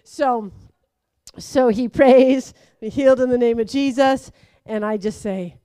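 A woman's voice: on the high side, unhurried, clear, resonant tone, no room sound. A young woman animatedly telling a personal story, acting out voices and laughing along. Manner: lively, acts out quoted voices, laughs through it.

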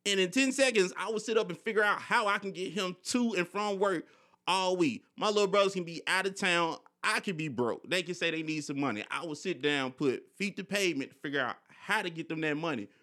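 His voice sits high, bright and forceful: a young podcast host chatting casually. He shares personal stories openly, full of slang and frequent swearing.

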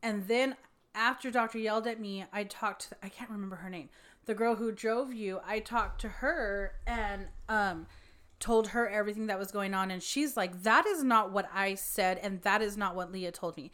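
A woman in casual conversation, recounting events in a lively, animated way. She swears freely and acts out what others said. Her pitch sits in the middle range. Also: moderate pace. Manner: lively storytelling, swearing, acting out quotes. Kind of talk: casual chat.

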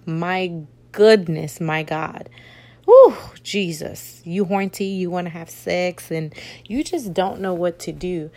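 A woman hosting her own faith podcast, talking in an animated, playful way with slangy asides. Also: fairly low pitch. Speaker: podcast host. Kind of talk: casual faith talk podcast.

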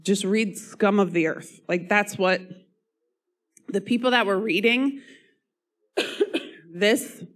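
A woman's voice: medium pitch, slow, pauses often. A woman preaching a sermon while losing her voice; she talks earnestly, coughing and laughing between phrases.

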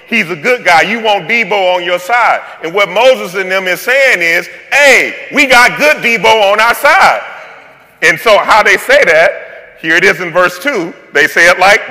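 A man's voice: on the high side, bright, forceful tone, in a large hall. A male pastor preaching a sermon in a playful, conversational way, with slang and joking asides.

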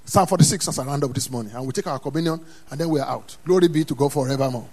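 A man preaching a sermon in a church, dropping to quiet asides and then rising to loud, emphatic calls. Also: on the high side, racing. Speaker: pastor.

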